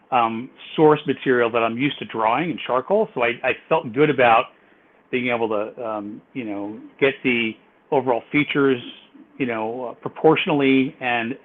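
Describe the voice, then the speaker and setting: A calm middle-aged man of middling pitch, speaking as a guest painter in a relaxed interview. He explains his work in a plain, agreeable way. His voice comes through a thin, phone-like call line. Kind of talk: casual interview chat.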